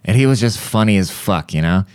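A man with a very low, smooth voice rambles through comic stories on his podcast, swearing freely and mimicking music with his mouth. The recording is dry and close, with no room sound. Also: expressive, a little fast, no echo. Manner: profane, rambling, breaks into mouth-made beat sounds. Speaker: podcast host. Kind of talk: casual comedic storytelling. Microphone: studio podcast mic.

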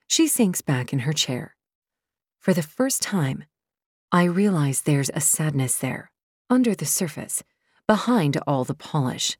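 A woman's voice: low-pitched, big pitch swings, measured pace, a little mellow, slightly rough, dry recording. A woman giving tense, intense first-person audiobook narration, close to the mic. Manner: tense and intense, rising sharply when voicing the heroine.

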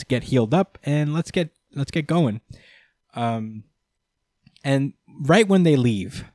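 A man's voice: medium pitch, darkish tone, dry recording. Chatty man recapping with laughs. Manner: chatty, laughs often, frequent fillers. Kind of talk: casual chat recapping a comic chapter.

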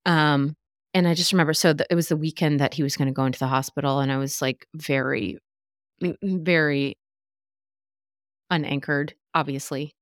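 A woman's voice: low-pitched, fairly even intonation, normal speed, dry recording, clean studio sound. A woman hosting a podcast, telling a personal story candidly, with many fillers and restarts. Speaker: podcast host. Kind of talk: casual chat.

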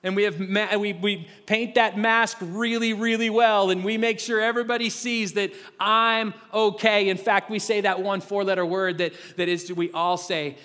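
A middle-aged male pastor with a high voice, preaching in a relaxed, chatty way that mixes self-mocking stories with repeated phrases. He often stumbles and restarts mid-sentence. His voice rings with the long reverb of a large hall. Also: normal speed. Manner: conversational, self-mocking storytelling with many restarts. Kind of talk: sermon.

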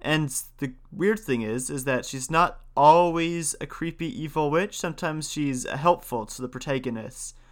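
Brief: male storyteller and lecturer, measured narration. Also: a little high. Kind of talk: folktale reading, then casual lecture.

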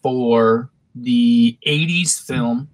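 A man's voice: mid-range voice, very slow, no room sound. A man in casual chat, playful, prompting with short questions and laughs.

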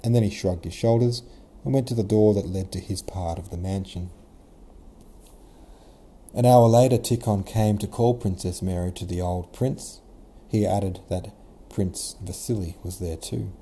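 A podcast host doubles as an audiobook reader, narrating a classic novel from a script as a casual modern retelling, with occasional self-corrections. His voice sits low and is warm and slightly rough, and he speaks a little slowly.

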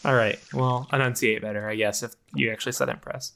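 A man's voice: mid-range voice, steady tone, fast talker, gravelly, sharp tone. A man voicing a petty male chipmunk who nags and needles his partner in improv comedy. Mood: needling. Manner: nagging, needling, argumentative. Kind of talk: improv comedy role-play.

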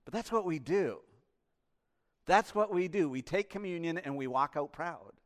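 A male pastor delivering an impassioned sermon, swinging between loud emphasis and hushed asides and posing rhetorical questions to the congregation. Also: fairly high pitch, expressive, normal speed.

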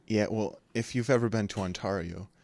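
A young man from California co-hosts a casual podcast. His voice sits on the lower side, and he rambles from one joke to the next, laughing easily. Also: brisk, a little mellow, no room sound. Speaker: podcast co-host.

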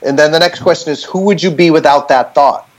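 On a remote group call, a band member explains things in a relaxed, animated way, often checking in with "right?" to keep the thread going. His voice is somewhat high for a man and fairly quick, and the recording is rough.

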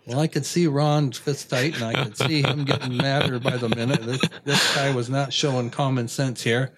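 A man's voice: medium pitch, normal speed. A man telling a long hunting anecdote in a folksy, rambling way, with frequent restarts. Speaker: guest storyteller. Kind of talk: casual anecdote.

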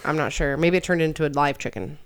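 Blunt, teasing low-voiced woman. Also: fast. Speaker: podcast co-host. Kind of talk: casual chat.

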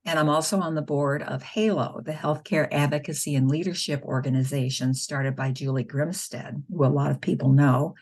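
A woman's voice: sits low, steady tone, moderate pace, few pauses, a little mellow. A middle-aged woman, a nurse and spokeswoman, telling patient stories earnestly in an interview, acting out the dialogue. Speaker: nurse and pro-life spokeswoman. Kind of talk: conversational interview storytelling.

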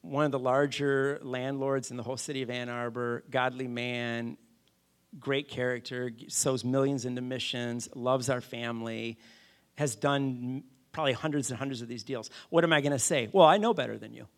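A middle-aged man preaching, telling a story with animated, self-deprecating asides to his congregation. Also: medium pitch, moderate pace. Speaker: pastor. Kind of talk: storytelling sermon.

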